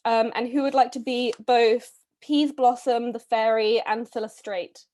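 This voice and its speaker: Woman host, slightly high voice, brisk and chatty on a video call. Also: a little mellow. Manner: chatty, brisk, with frequent ums and little laughs. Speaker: read-a-thon host casting readers. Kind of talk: casual live-stream casting call.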